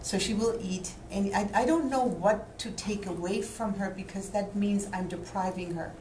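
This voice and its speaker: A woman explaining her worries about her daughter to a parenting expert, in a halting, concerned way. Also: mid-range voice, darkish tone, a little hiss or hum. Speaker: parent asking for advice. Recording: echoey room.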